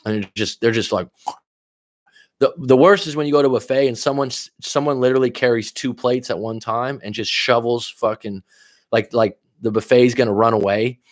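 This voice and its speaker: A man's voice: mid-range voice, fairly quick, no echo, clean studio sound. A man coaching on a livestream, chatting casually and swearing freely as he reacts to viewer comments. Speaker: life coach hosting a livestream.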